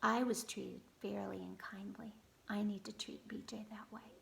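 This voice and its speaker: A woman voicing a young girl who shouts with high-pitched excitement. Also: moderate pace, gravelly, slight background noise. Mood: remorseful.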